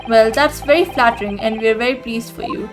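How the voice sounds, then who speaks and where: A man's voice: very high-pitched, brisk, music in the background. A woman voicing a mild-mannered young male lawyer with wry, exasperated remarks.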